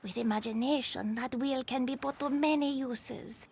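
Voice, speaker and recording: A woman's voice: high-pitched, steady tone, moderate pace, creaky, darkish tone, slight background noise. An actress voicing a stubborn female junk seller with a French accent, in video game dialogue. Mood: firm. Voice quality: firm, unbudging haggler.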